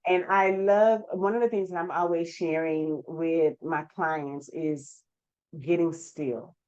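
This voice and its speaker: A woman's voice: low-pitched, fairly even intonation, slow, a little mellow, clear, resonant tone. A woman hosting an interview show, reflective and summing up her guest's words. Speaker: podcast host, life coach. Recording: dull lo-fi sound.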